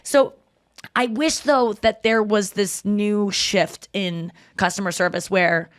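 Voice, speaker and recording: A woman's voice: slow pace, no echo, studio quality. A woman hosting a podcast, telling stories in casual chat, acting out quotes and swearing freely. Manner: animated, acts out quotes in a higher voice. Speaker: podcast host.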